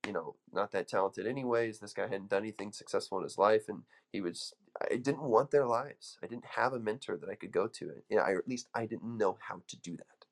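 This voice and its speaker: A man's voice: lowish voice, brisk, gravelly, few pauses. Emphatic man giving a motivational talk. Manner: emphatic, storytelling, frequent restarts. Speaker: motivational speaker and coach. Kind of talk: motivational speech to a live audience. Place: room with an audience.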